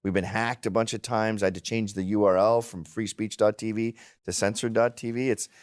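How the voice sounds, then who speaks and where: A man's voice: lowish voice, steady tone, a little fast. A middle-aged man, a guest in a casual chat, telling stories bluntly with swearing and laughing at his own jokes, and slipping into put-on voices of old men.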